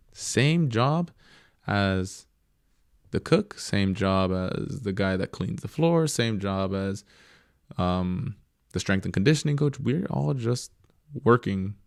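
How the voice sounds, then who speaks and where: In a laid-back interview, a young man with a deep, gravelly voice looks back on his years as a professional goalkeeper. His storytelling is thoughtful, but he perks up whenever he imitates what other people said. The recording is close-miked and dry.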